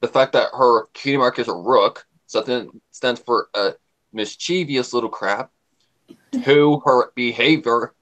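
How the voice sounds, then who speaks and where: A man talking casually on a livestream, rambling and animated, often repeating himself. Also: mid-range voice, measured pace. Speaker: livestream co-host.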